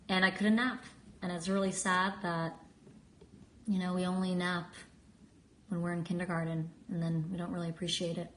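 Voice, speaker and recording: A woman's voice: fairly low pitch, level tone, brisk, slight background noise. A woman in her twenties chatting casually on a phone live stream, bubbly and giggly, reading out fan usernames and answering their questions. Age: 20s. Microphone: phone at arm's length.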